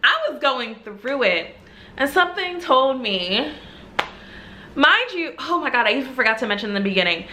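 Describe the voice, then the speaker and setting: A young woman tells a personal story straight to camera in a loose, chatty way, peppering every sentence with "like." Her voice is bright and forward, and she stays animated throughout, laughing at her own telling. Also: mid-range voice, slight background noise. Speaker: storytime vlogger. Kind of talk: casual storytelling.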